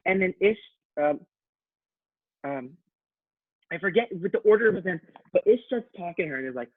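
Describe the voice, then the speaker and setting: A man in casual chat, telling an anecdote in an animated way, swearing and acting out quotes. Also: fairly high pitch, fairly quick, pauses often, no echo, narrow, tinny audio.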